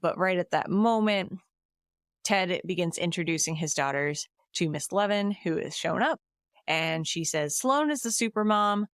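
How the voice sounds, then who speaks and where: Woman podcast co-host, lowish voice, chatty plot recap with laughs, dry close mic. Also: unhurried, clean tone, dry recording. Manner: lively retelling with laughs and quoted lines. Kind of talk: casual chat, plot recap.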